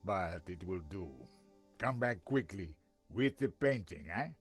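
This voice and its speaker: A grumbling older man in a video game, weary and grudging. His voice is very deep and husky, with faint music behind. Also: lively intonation, measured pace, full character voice. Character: grumbling older male guest waiting behind.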